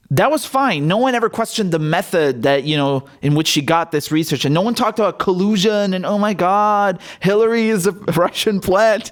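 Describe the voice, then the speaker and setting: A man with a fairly high voice delivers heated political commentary on his own show. He talks bluntly and sarcastically, throwing in a swear word now and then.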